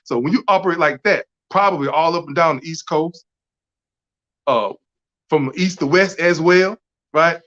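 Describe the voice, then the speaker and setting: A man's voice: fairly high pitch, normal speed, long pauses, fairly bright tone. Emphatic man, lo-fi audio. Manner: emphatic, repetitive, keeps asking "right?". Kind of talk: impassioned casual talk. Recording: dull lo-fi audio.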